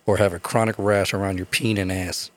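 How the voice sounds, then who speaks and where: A man's voice: sits low, fairly quick. A young man on a casual podcast, telling stories with lots of swearing and acting out the voices of the people in them. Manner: animated storyteller, acts out quotes, swears a lot. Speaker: podcast host. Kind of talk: casual chat.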